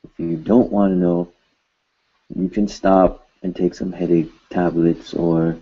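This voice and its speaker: A man teaching a video lesson in a slow, unhurried way, with a lowish voice. He repeats words patiently and slips in dry jokes. The sound is a little dull and lo-fi. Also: little pitch movement. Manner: patient, joking asides, repeats words slowly. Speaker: language teacher.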